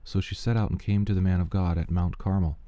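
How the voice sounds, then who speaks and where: A man giving a steady, measured reading of Bible passages aloud, with the odd slip he corrects. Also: deep voice, dry recording. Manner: steady, measured reading with small slips and restarts. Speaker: scripture reader.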